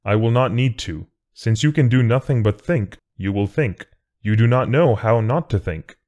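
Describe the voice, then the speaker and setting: A man reading an audiobook, voicing a godlike disembodied presence in a measured, tolerant, coolly matter-of-fact way. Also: medium pitch, a little mellow, lo-fi sound, lightly acted. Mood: calm, tolerant. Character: calm all-knowing godlike male voice.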